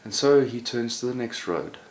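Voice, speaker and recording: A man telling a story aloud in a relaxed, conversational way, often slipping in "sort of" as he goes. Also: medium pitch, moderate pace. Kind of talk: oral storytelling. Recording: roomy echo, faint background noise.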